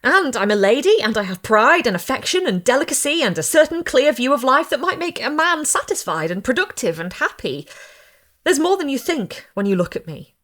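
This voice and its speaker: A woman doing a distraught young bride from a storybook, her voice pitched high and climbing as she pleads breathlessly. She stays polite and proper even while she is desperate. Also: fairly quick, full character voice. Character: anxious young woman searching for her missing groom.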